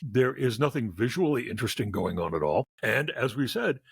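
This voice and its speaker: Gravelly animated male film critic. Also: medium pitch, fairly quick, no room sound. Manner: animated, laughing, acts out scenes. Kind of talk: casual movie review chat.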